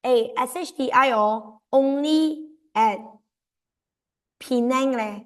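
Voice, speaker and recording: Woman, Malaysian English accent, history tutor, animated, coaxing, slightly high voice. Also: slow. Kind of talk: exam seminar lecture.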